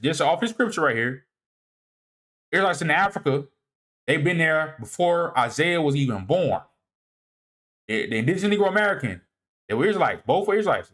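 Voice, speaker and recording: A man presenting a lecture over slides in a casual, halting way. He often repeats and restarts his words, checks in with "all right?", and swings between emphatic rises and low muttered asides. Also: fairly bright tone. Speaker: presenter of a video series. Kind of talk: lecture walking through slides.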